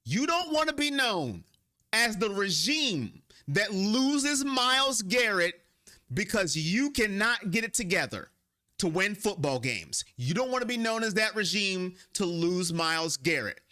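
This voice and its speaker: Casting: male stream host, high lively voice, bright and emphatic, chatty fan commentary. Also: unhurried. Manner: animated, reads chat names, paraphrases a player in an emphatic voice. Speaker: sports livestream host. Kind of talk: casual fan livestream commentary.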